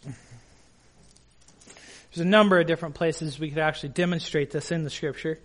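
A man's voice: fairly high pitch, fairly even intonation, moderate pace. A male pastor preaching a sermon in an emphatic way, putting questions to the congregation.

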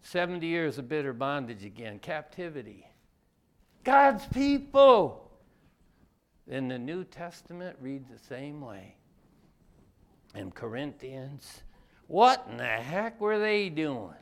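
A man's voice: mid-range voice, animated, a little slow, slight background noise. A man preaching a conversational Bible-teaching sermon in a colloquial way, full of rhetorical questions.

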